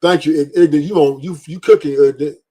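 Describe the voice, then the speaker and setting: A man's voice: fairly high pitch, fairly even intonation, quick pace, warm tone, breathy edge. A man hosting a livestream, ranting bluntly with profanity and repeated emphasis. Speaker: podcast host. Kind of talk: livestream commentary rant.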